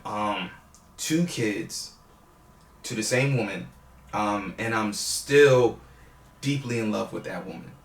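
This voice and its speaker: A man in his thirties, a guest in an interview, speaking haltingly with many fillers and restarts, tearful and laughing through emotion. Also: mid-range voice, fairly bright tone, echoey room.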